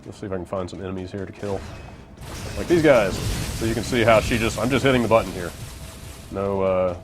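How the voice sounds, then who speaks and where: Over music, a man with a lowish voice speaks fairly quickly while playing a game as co-host. His commentary is laid-back and rambling, packed with fillers.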